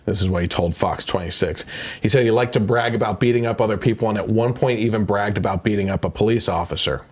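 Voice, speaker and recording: A man's voice: lowish voice, fast talker. A man hosting a casual podcast, reading news excerpts aloud and commenting with indignation. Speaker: podcast host.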